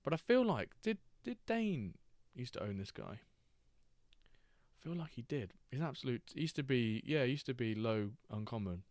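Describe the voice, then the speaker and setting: A man's voice: mid-range voice, big pitch swings, normal speed, darkish tone, no room sound, clean studio sound. Chatty man hosting a live stream. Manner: chatty and jokey, reacting to chat and games as he goes. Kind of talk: casual live-stream chat.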